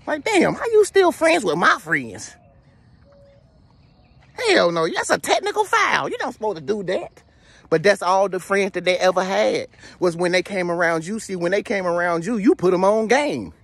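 Animated, slangy man with a husky voice. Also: high voice, no echo. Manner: animated, slangy, joking storyteller. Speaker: motivational vlogger. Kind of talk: casual motivational talk.

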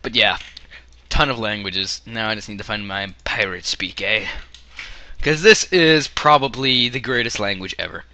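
A Canadian man with a hoarse voice, half losing it, rambling through casual game commentary with joking asides. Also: fairly low pitch, moderate pace, pushed and bright, no room sound. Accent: Canadian English. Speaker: gaming video creator.

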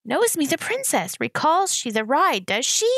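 A woman voicing an eager, reverent male giant cockroach who repeats himself in breathy wonder, in a storybook reading. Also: high voice, sing-song, moderate pace, fairly bright tone, dry recording, voice pushed up, heavily acted. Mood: awed. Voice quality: breathy gasps, odd grammar.

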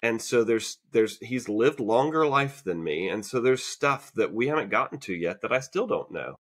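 A podcast co-host talks in a casual, reflective conversation full of fillers and restarts. His mid-range voice has lively intonation, a moderate pace and a fairly bright tone.

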